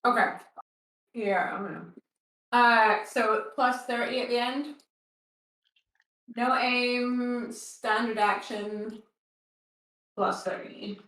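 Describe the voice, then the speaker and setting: A woman's voice: a little high, slow, long pauses, fairly bright tone, echoey room, poor audio. A woman playing a tabletop game, talking casually and swearing freely. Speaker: player.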